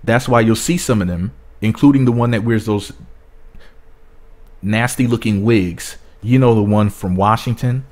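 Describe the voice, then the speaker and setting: A man's voice: on the low side, moderate pace, a little mellow. A man talking bluntly to camera in a casual commentary vlog, rambling with many restarts. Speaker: YouTube commentator.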